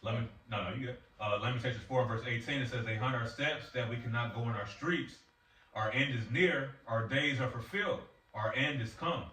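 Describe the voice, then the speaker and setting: Man reading scripture, bright and echoey. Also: medium pitch. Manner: measured reading, occasional slips. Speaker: scripture reader. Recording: echoey, from far off.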